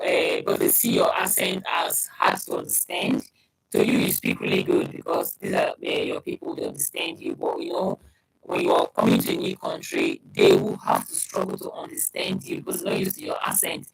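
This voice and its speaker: A man's voice: rumbling low, vocal fry, a bit bright, slightly rough, poor audio. A man with a strong accent giving casual advice in a conversational monologue, repeating his points and talking straight to the listener. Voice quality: strong accent he describes himself. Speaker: vlogger giving advice on moving abroad.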